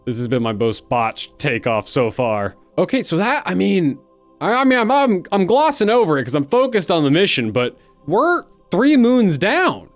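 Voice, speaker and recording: A young man giving excitable let's-play commentary as he plays, talking to himself and his viewers, often stammering and restarting his sentences. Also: sits high, normal speed, faint music behind. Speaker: gaming YouTuber.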